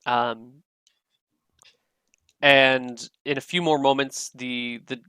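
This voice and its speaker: A man's voice: medium pitch, steady tone, slow, pushed and bright, clean tone, no room sound. A man narrating a tabletop game as dungeon master, describing scenes with frequent fillers.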